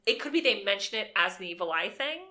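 A woman co-hosting a podcast in casual chat, excitable and enthusiastic, swearing freely. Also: mid-range voice, quick pace. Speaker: podcast co-host.

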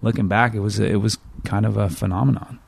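A man chatting casually as a podcast co-host, relaxed and laid-back. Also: fairly low pitch, a little fast, vocal fry, husky, no echo. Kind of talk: casual chat.

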